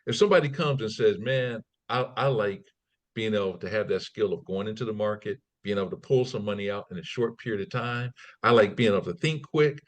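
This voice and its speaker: A man's voice: on the low side, a little fast. A man as a podcast guest, talking casually and acting out quoted people in raised voices, often repeating and restarting words. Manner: animated storyteller, acts out quotes in raised voices. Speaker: guest, trading company CEO. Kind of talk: conversational interview.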